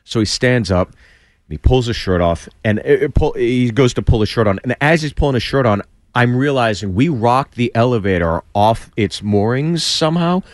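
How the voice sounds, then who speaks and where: A male comedian telling a long story as a studio guest, animated and acting out the voices of the people in it. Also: medium pitch, moderate pace, no room sound. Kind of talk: storytelling on a podcast. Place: radio studio. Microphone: studio microphone.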